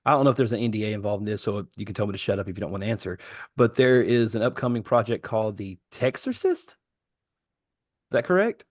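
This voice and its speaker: A man's voice: fairly low pitch, animated, fast, dry recording, clean studio sound. A man co-hosting an interview podcast, asking long rambling questions that he interrupts and restarts. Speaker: podcast co-host. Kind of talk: casual interview chat.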